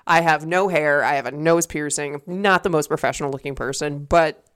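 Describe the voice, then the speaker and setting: A woman's voice: low-pitched, brisk, smooth. A young woman co-hosting a casual podcast, telling a long story with lots of swearing and laughter. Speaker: podcast co-host. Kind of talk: casual chat. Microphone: desk mic.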